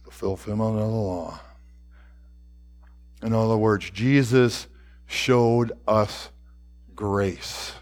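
A man preaching a sermon, reading scripture aloud with slow, deliberate phrasing that trails off softly at the ends. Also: on the low side.

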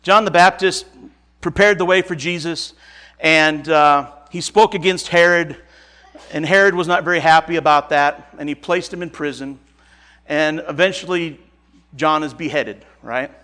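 A man's voice: on the high side, normal speed, bright, forceful tone. A man preaching to a congregation, reading scripture aloud and then speaking in an earnest, emphatic and conversational way. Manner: earnest and emphatic, repeats phrases eagerly; casual, conversational asides. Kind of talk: sermon to a congregation.

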